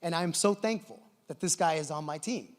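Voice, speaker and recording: A middle-aged man giving a conference talk with enthusiastic, animated storytelling, recorded in a large conference hall. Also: fairly high pitch, normal speed. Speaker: conference presenter.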